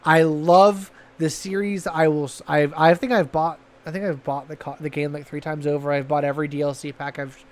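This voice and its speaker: Brisk and with hardly any pauses, this high-voiced podcast co-host talks gaming in relaxed conversation. His rambling is enthusiastic, full of abandoned and restarted sentences, and his manner stays loose and chatty.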